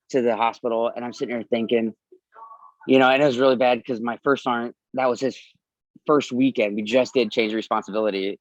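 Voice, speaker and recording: A man's voice: mid-range voice, no echo, lo-fi sound. A man in his thirties, an army veteran, candidly telling his own story in a podcast interview and swearing freely.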